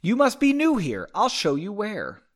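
A man voicing a kindly older male mage who scolds gently, in a mock-dramatic reading. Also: sits high, huge pitch swings, unhurried, voice pushed up, exaggerated voice.

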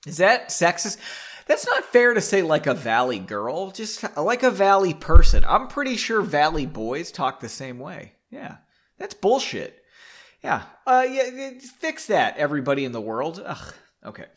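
A man's voice: fairly high pitch, sing-song, a little slow, a bit bright. A man hosting a podcast, reading a story aloud and breaking in with sarcastic, mocking asides. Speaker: podcast host.

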